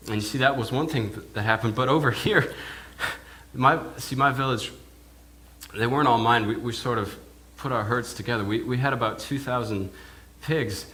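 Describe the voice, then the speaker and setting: A man's voice: medium pitch, normal speed, sharp tone, natural voice. A male minister preaching in character as an awed village pig herder, telling his story in the first person with hesitant, often repeated words. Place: church.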